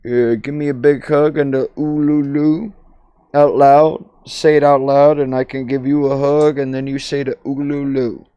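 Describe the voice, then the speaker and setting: A man's voice: mid-range voice, level tone, moderate pace, mellow, clear, resonant tone, no echo, muffled recording. Man, gaming chatter, rambling, goofy, sing-song repeats, dry close sound. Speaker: streamer playing a VR game. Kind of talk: casual gameplay chatter.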